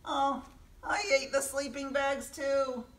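A woman doing a gentle, apologetic monster. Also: high-pitched, level tone, slow pace, pitched above the performer's own voice. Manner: apologetic, soft-spoken. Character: sorry, gentle young male monster. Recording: echoey room, voice from a distance.

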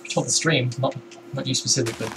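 A man's voice: medium pitch, fast. A man chatting and laughing with a friend while live-streaming a co-op game. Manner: giggly, teasing, excitable. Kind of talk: casual co-op game stream chat. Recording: noisy home recording.

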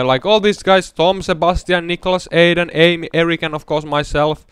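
A young man giving casual let's-play commentary, rambling between mumbled asides and loud excited outbursts. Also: a little high, brisk, hardly any pauses, clear, resonant tone, no echo, studio quality.

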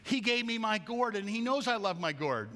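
A man's voice: sits high, animated, normal speed, pushed and bright, pitched above the performer's own voice. A man voicing a petulant prophet who dotes on his plant, in a childishly boastful, mock-sincere way, recorded with long hall reverb. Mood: smug, doting.

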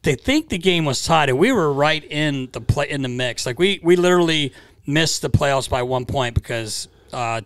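A man co-hosting a podcast, telling stories in a relaxed casual chat and mimicking the people he talks about. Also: a little high, moderate pace, smooth, no room sound. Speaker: podcast co-host.

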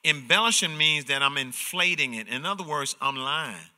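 Bright-voiced preacher teaching Bible study. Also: male voice, fairly high pitch, lively intonation, normal speed. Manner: emphatic, repeats "watch this" and "all right?". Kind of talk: sermon-style Bible teaching.

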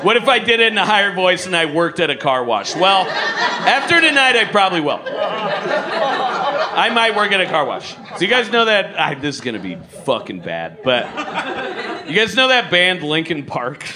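Animated stand-up comedian, loud crowd. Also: male voice, sits high, normal speed. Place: large comedy club, live show. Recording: live club with crowd noise.

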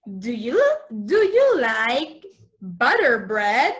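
A woman teaching English vocabulary to young children over a video call, spelling words slowly and switching into to explain. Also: sits high, big pitch swings, a bit bright. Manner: slow, exaggerated spelling and repetition, switching to Spanish explanations. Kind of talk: online class for young children.

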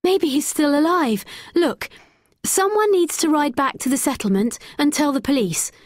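A woman's voice: high-pitched, expressive, moderate pace, no echo, studio quality, pitched above the performer's own voice. A woman voicing a brave, determined young woman who speaks firmly and decisively. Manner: firm and decisive.

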